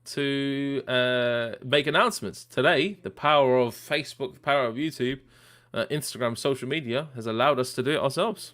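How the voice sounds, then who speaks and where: A man's voice: mid-range voice, fairly bright tone. A man hosting a football watchalong live stream, chatting casually and reading out viewer comments with lots of fillers. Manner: chatty, many fillers, reads out names and predictions. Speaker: livestream watchalong host.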